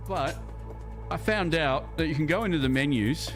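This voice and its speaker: A man's voice: on the high side, normal speed, faint music behind. An Australian man chatting casually on a game livestream, rambling and repeating words as he thinks aloud, reading viewer chat as he plays. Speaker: streamer.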